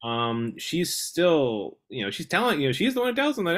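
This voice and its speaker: A man's voice: fairly high pitch, normal speed. A man in a casual book discussion, talking with lots of hesitation and restarts, sometimes reading passages aloud. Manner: animated, hesitant, many restarts and fillers. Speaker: podcast co-host discussing a novel.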